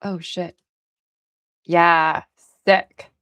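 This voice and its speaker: A young woman streamer casually telling a story, animated, often laughing and swearing freely. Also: lowish voice, extremely slow, no echo.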